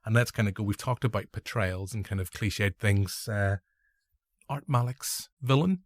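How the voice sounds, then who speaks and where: A young Northern Irish podcast host chats casually through a film review, rambling between thoughts, correcting himself and tossing in joking asides. His voice is fairly low and his pace moderate. The recording is close and dry, with no room sound.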